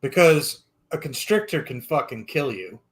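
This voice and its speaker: A man's voice: medium pitch, sing-song, normal speed. A man cohosting a casual podcast, telling stories in a laid-back way and swearing. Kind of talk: casual group podcast banter.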